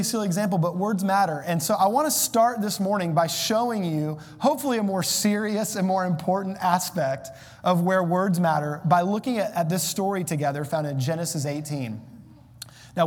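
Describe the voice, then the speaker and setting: A man preaching a sermon, conversational and self-deprecating, with animated asides. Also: high-pitched. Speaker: pastor. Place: church sanctuary. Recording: long hall reverb.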